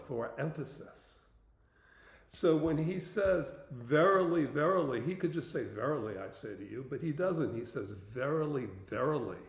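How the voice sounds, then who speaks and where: A man in a roomy, echoing space gives a relaxed Bible lesson. He talks slowly and plainly, stopping now and then with an "um" to gather his thoughts. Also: medium pitch. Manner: slow, plain-spoken, pausing with fillers. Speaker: Bible teacher. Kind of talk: informal Bible teaching talk.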